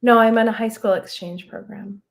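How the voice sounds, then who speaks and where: A woman's voice: a little high, steady tone, moderate pace, pitched above the performer's own voice, natural voice. A woman reading the lines of a carefree, blunt sixteen-year-old girl in a casual, offhand way, her own voice lifted only a little. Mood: breezy.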